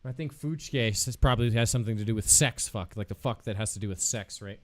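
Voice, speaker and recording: A man's voice: fairly low pitch, fairly quick, no echo. A man streaming live, chatting casually with viewers in a playful, joking way, laughing often and swearing freely.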